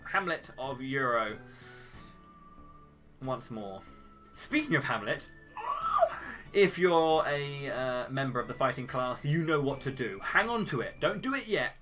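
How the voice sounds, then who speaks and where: Guy commentating his speedrun, bouncy animated voice, lots of goofy bits. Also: medium pitch, unhurried, pauses often, faint music behind. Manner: jokey, playful, theatrical.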